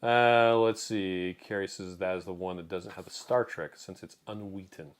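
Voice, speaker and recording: A man's voice: deep voice, fairly even intonation, normal speed. A man hosting a live Q&A stream, reading viewer comments one after another. He keeps it loose and joking, with a chatty, easygoing delivery.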